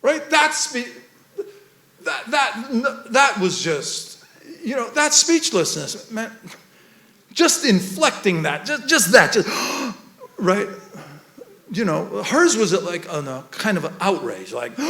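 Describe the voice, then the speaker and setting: Man, very high lively voice, bright tone, excitable rambling lecture, roomy echo. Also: a little slow. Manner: excitable, rambling, laughs often. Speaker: poet giving a talk. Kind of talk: animated lecture talk.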